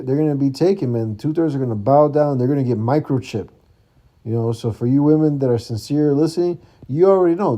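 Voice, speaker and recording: A man with a Chicago accent teaching scripture in a casual, profane street style, reading verses slowly and calling out "man" and "all right?" between them. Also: medium pitch, warm tone.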